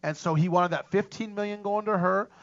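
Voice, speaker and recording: A man hosting a legal discussion panel, telling a case story in a brisk, emphatic way. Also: high-pitched, a bit bright, muffled recording. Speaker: show host.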